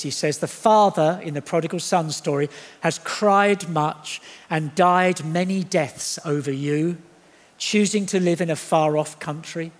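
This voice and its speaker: Preacher with a high voice. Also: male voice. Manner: animated, jokey, acts out quoted voices. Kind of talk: sermon. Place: church hall. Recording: long hall reverb.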